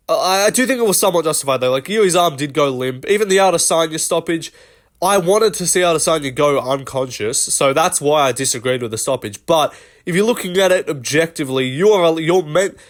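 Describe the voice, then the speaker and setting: A man hosting a casual commentary vlog, rambling and swearing with lots of fillers. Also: fairly high pitch. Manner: rambling and profane, many fillers. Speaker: host.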